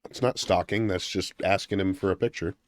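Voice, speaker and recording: A man's voice: sits low, steady tone, fairly quick. A man co-hosting a podcast, chatting casually and teasing with dry remarks. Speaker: podcast co-host. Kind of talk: casual chat.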